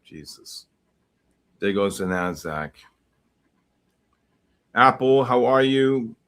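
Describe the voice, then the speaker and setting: A man hosting a live trading stream, calling price levels and teasing viewers in chat with excitable, repetitive banter. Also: medium pitch, slow pace. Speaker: livestream trading host.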